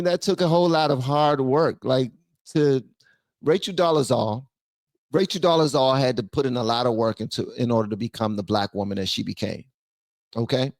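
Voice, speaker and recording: A man's voice: mid-range voice, darkish tone, dry recording, studio quality. Slangy, joking male commentator. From Washington, D.C. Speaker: commentary channel host. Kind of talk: casual political commentary.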